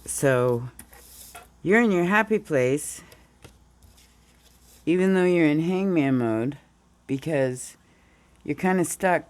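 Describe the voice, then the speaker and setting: Low-voiced and darkish in tone, the woman reads tarot with lively intonation, taking her time and pausing at length. Her casual, rambling commentary on the cards comes in a groggy morning voice, as she's feeling a little ill.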